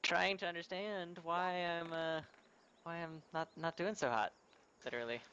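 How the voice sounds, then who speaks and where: A man's voice: fairly high pitch, fairly even intonation, normal speed. A man playing a tabletop game over a voice call, rambling in a casual way with lots of fillers. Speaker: player. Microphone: online voice call. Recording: dull noisy voice-call audio.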